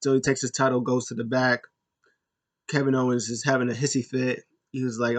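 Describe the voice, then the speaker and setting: A man with a middling pitch recaps a wrestling show loosely and casually, at a fairly quick pace. He rambles, using many fillers and correcting himself often, and now and then breaks into excited bursts.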